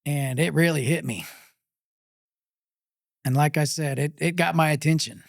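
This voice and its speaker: Middle-aged Texan man, interview guest, slow and halting, dry close sound. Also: fairly high pitch, steady tone, vocal fry, no room sound. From Texas. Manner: halting, with many pauses and fillers. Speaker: pit master guest. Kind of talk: interview storytelling.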